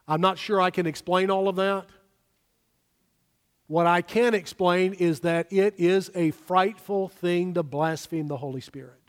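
Man, pastor preaching, high voice, emphatic, long hall reverb. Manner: emphatic, slows down for stress. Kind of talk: sermon.

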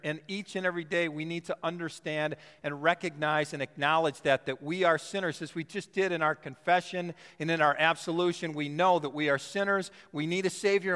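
A man's voice: high voice, a bit bright, clear, resonant tone. A male pastor preaching a sermon in a church, stressing key words by drawing them out. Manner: emphatic, drawn-out phrasing on key words. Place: church sanctuary. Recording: long church reverb.

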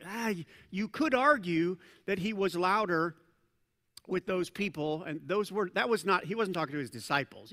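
High bright-voiced pastor guy, chatty animated sermon, big echoey church hall. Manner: conversational, animated preaching with asides and self-corrections. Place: church sanctuary. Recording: long reverb of a large church hall.

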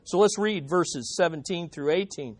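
A man's voice: fairly high pitch, moderate pace. A man preaching a sermon as pastor, emphatic and repeating key phrases for effect. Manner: quotes imagined voices with dramatic swings in loudness.

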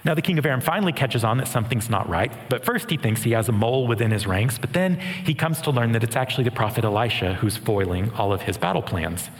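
A man preaches a sermon at a middle pitch, moving between scripture reading and plain explanation. He speaks earnestly and slips in small self-deprecating jokes. His voice carries a long reverb, as if it is filling a large church hall. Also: lively intonation, fast talker, hardly any pauses. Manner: earnest, with light humor.

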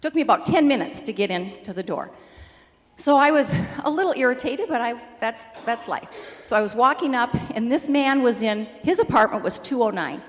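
An older woman telling a personal testimony in a lively, animated way, laughing easily as she tells the story. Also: on the high side, fairly quick, in a large hall. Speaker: church member sharing a testimony.

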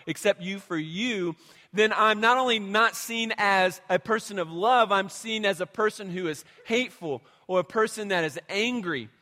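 A man's voice: high-pitched, pushed and bright. A man in his thirties preaching a sermon as a pastor, talking conversationally and telling stories with rhetorical questions. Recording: long reverb of a large hall.

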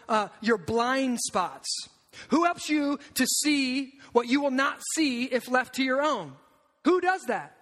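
Male pastor with a very high voice, animated and emphatic sermon delivery. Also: big-room sound.

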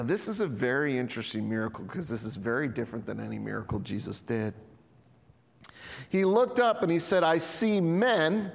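A man preaching a sermon with animated storytelling, acting out the people in the passage and chuckling as he goes. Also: a little high, vocal fry, in a large hall. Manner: lively storytelling, acts out voices, chuckles. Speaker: pastor.

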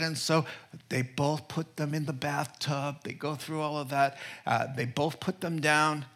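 A man preaching a sermon, telling an everyday story with lively swings between loud and soft delivery. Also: moderate pace. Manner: animated storytelling with wide pitch swings; drops to soft, quiet delivery for emphasis. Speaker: pastor.

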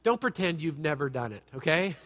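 A man giving a sermon as a pastor, with an animated, conversational delivery that jokes and asks the audience questions. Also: fairly high pitch, brisk. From United States. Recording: long reverb from a large hall.

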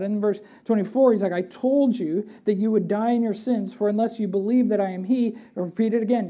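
A woman preaching a sermon in a lively, conversational way, asking rhetorical questions and dropping to a hushed, earnest voice for emphasis. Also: mid-range voice, fairly quick, few pauses.

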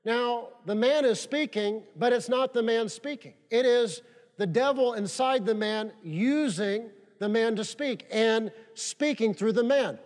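A man with a notably high voice delivers a sermon from the pulpit. He drives his points home with emphatic repetition. His words trail off into the long reverb of a big sanctuary. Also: unhurried. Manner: emphatic, repeats key phrases for stress. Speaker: pastor. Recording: long reverb of a large hall.

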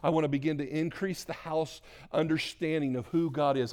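A man preaching a church sermon as pastor. He swings between loud, emphatic exhortation and soft, hushed prayer, repeating words and restarting mid-phrase. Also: on the high side, steady tone, a little fast, hardly any pauses.

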